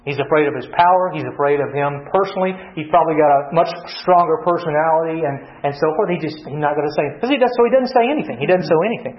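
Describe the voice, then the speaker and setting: A man's voice: a little high, fast, few pauses, echoey room, dull audio. A man teaching a Bible study, reading scripture aloud and questioning his class in a conversational way.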